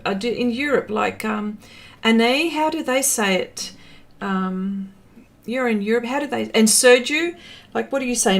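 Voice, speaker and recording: A middle-aged woman with an Australian accent, chatting casually on a livestream, laughing often and trailing off with fillers. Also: fairly high pitch. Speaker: artist livestreaming. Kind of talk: casual livestream chat reading comments.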